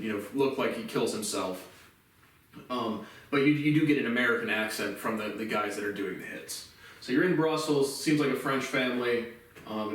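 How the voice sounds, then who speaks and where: A man giving a casual spoken movie review, rambling and relaxed, often restarting his sentences and swearing casually. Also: medium pitch. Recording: very echoey room, distant mic.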